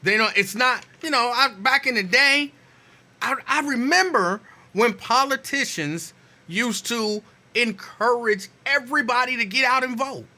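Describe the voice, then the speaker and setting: A man's voice: very high voice, animated, unhurried, sharp tone. A man hosting a talk show, speaking conversationally and with emphasis. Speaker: radio show host. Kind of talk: casual talk radio.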